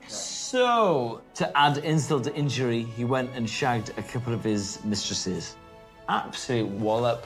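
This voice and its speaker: A man's voice: medium pitch, animated, measured pace, music in the background. A drunk man telling a history story in a rambling, jokey way. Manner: rambling, jokey, slips into silly voices. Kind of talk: drunken comic retelling of history.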